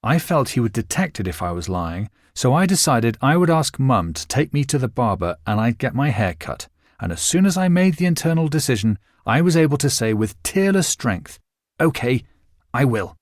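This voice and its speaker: Man, audiobook narrator, scripted narration, expressive, measured, middle pitch, dry close sound. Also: no echo.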